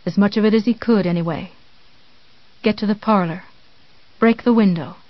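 A woman narrating a thriller novel in a measured, tense storytelling manner with dramatic pauses. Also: medium pitch, no echo. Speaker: audiobook narrator. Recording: dull, dry studio read.

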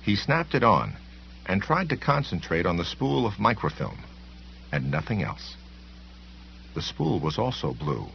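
A man reading a novel aloud as a narrator, in a measured, expressive way. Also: on the low side, vocal fry, a little hiss or hum. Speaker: audiobook narrator. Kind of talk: scripted narration. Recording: dull lo-fi recording.

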